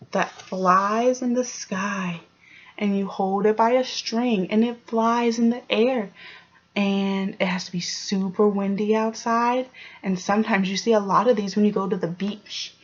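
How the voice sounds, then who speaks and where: Slow, patient woman teacher sounding out letters. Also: medium pitch, dull audio. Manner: sounds out letters, frequent encouraging questions. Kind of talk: slow, clear early-grade phonics lesson. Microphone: home recording for online class.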